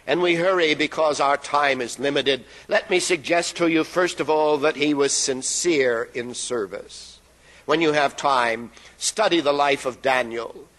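A man's voice: a little high, fairly bright tone, low-quality recording. A man preaching a sermon in an emphatic way, drawing out phrases and letting them fall at the ends. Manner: emphatic, drawn-out phrases with falling endings.

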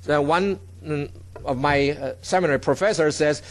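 A man's voice: fairly high pitch, normal speed. A man teaching a Bible lesson from slides, stressing key words and often checking in with his listeners.

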